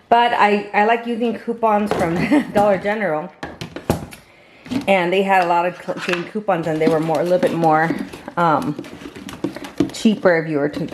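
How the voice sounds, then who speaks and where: A woman's voice: lowish voice, background noise. A woman chatting casually through a home vlog while filming handheld, rambling with restarts and talking baby-talk to her pets. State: a little out of breath. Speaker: vlogger. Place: home indoors. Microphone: handheld camera.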